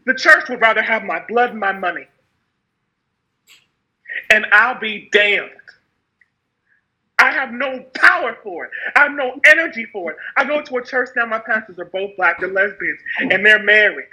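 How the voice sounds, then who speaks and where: A woman's voice: fairly high pitch, normal speed, long pauses, pushed and bright, low-quality recording. A woman from the United States giving a raw, impassioned personal testimony, repeating phrases for emphasis. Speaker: speaker sharing her story.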